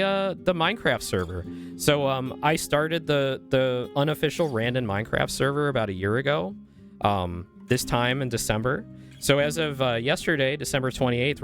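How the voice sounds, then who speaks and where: A man's voice: mid-range voice, a bit bright. A young man streaming, reading a text game aloud and chatting in a playful, casual way. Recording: faint guitar music behind.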